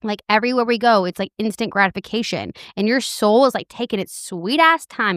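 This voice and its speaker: A woman's voice: a little high, fairly quick, fairly bright tone, smooth, no echo, clean studio sound. A woman in her thirties hosting a solo podcast from her couch, talking candidly and self-deprecatingly and swearing freely. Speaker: podcast host. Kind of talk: casual solo podcast monologue. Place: living room couch.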